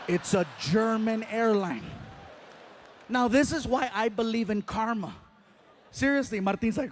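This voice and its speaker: High-voiced man doing stand-up. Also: normal speed, noisy background. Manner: animated, acts out the other people in his stories. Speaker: stand-up comedian. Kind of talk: stand-up storytelling.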